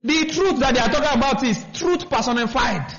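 A man's voice: very high-pitched, brisk, fairly bright tone. A man preaching a sermon, repeating himself and asking the congregation to finish his lines. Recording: dull lo-fi recording.

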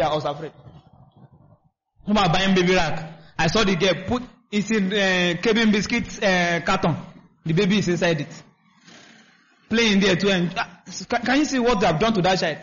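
A man's voice: high voice, fairly quick, fairly bright tone. A man preaching a sermon, repeating himself and asking the congregation to finish his lines. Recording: dull lo-fi recording.

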